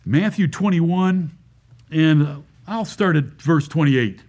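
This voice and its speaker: A man's voice: on the high side, takes it slowly, a little mellow. A man preaching a sermon as pastor, emphatic, repeating lines and asking rhetorical questions.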